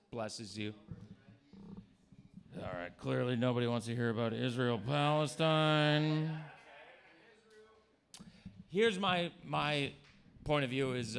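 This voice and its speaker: A man's voice: mid-range voice, slow pace, gravelly, pauses often, fairly bright tone. A man doing a crude, provocative stand-up set in a comedy club. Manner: crude, provocative, jumps into mocking voices.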